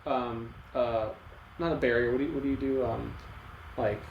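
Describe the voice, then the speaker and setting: A man's voice: medium pitch, steady tone, moderate pace, creaky, highs cut off. A young man co-hosting a podcast, telling his story in casual talk with many restarts and emotional moments. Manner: rambling, restarts often, emotional retelling. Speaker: podcast co-host. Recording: echoey room, faint ambient noise.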